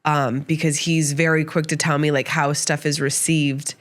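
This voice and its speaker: A woman's voice: low voice, level tone, moderate pace. A woman co-hosting a podcast, chatting casually and explaining her views at thoughtful length. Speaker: podcast co-host. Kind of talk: casual chat.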